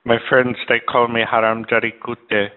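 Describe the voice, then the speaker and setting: Deadpan prank caller on a phone line. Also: male voice, mid-range voice, normal speed. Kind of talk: absurd prank call.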